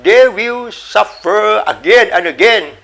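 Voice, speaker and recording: Gravelly, bright-voiced man giving a dharma talk. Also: sits high, expressive. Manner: repetitive, halting, coughs and says sorry, playful animal sounds. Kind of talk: informal spoken dharma talk.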